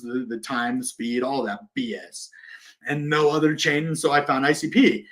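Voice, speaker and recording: A man hosting a crypto livestream and talking straight to his viewers. His voice sits a little high, and he gets excited and passionate, jumping between loud bursts and quieter asides. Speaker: crypto channel host. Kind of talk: casual livestream talk.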